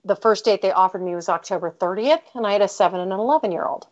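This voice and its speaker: Her delivery is rapid-fire at a medium pitch: a middle-aged American woman, an author on as a guest, telling a personal story in an interview. Candid and emphatic, she often stops partway and restarts sentences. Recorded in dull lo-fi quality.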